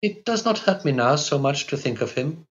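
A male audiobook reader voicing an impulsive, tender young woman in a quick, pleading, raised voice. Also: a little high, expressive, voice pushed up, natural voice. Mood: wistful. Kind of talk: audiobook character voice. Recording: dull lo-fi recording.

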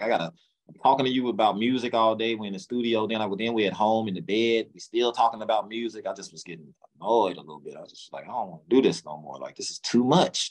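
Slangy, animated man telling his story. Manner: animated, acts out quotes with sudden pitch jumps; loose, slangy, lots of restarts. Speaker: interview guest. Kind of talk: casual storytelling interview.

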